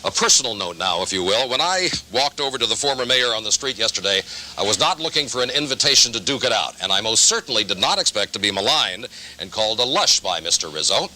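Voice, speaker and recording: A man reporting TV news in a measured, indignant tone. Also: lowish voice, very animated, sharp tone, slight background noise, poor audio.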